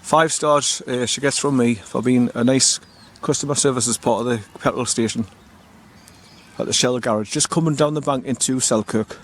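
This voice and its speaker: At a moderate pace and medium pitch, an older man from England's North East talks casually on a walking vlog he's filming outdoors by a river in a small town. He rambles slightly and keeps correcting himself.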